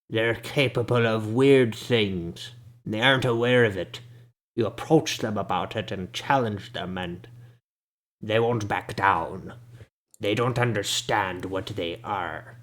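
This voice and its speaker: A man voicing a shabby, distrustful old townsman who talks slowly and grumbles. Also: lowish voice. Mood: wary.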